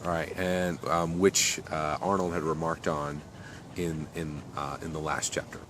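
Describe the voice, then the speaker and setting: A man's voice: very deep voice, level tone, a little slow, background noise. A man telling a story off the cuff, rambling with many fillers and restarts. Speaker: author telling his story. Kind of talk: unscripted story narration.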